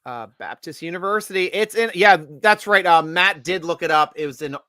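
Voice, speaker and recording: A man's voice: high voice, a little fast, sharp tone, dry recording. Man host, light tense tone, dry close mic, chatty and jokey. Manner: jokey, laughs a lot, announcer-style guest intros. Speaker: podcast host. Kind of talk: casual chat.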